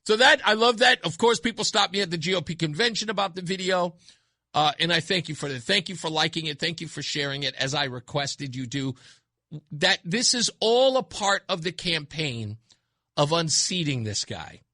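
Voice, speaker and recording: A man's voice: a little high, expressive, normal speed, pushed and bright, dry recording. A man hosting a talk radio show, speaking bluntly and emphatically into a studio microphone, repeating his points for effect. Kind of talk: opinionated talk radio monologue.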